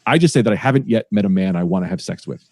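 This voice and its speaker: Comedian guy chatting on a podcast, kinda low mellow voice, bounces his inflection around, dry mic. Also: racing, dry recording. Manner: animated, plays with sing-song inflection. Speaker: stand-up comedian guest. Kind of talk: casual podcast conversation.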